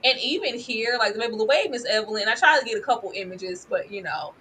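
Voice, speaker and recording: A woman reviewing a reality show in casual commentary, animated and slangy, laughing often. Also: on the high side, quick pace, slight background noise, poor audio.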